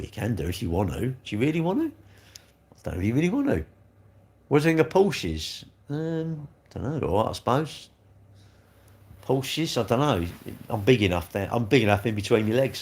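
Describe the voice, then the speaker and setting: A man's voice: mid-range voice, expressive, a little fast, creaky. An older English man hosting a casual livestream, reading out viewer comments and answering them with blunt, cheeky banter. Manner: banter, cheeky and blunt, dropping "mate" and "innit". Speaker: livestream host.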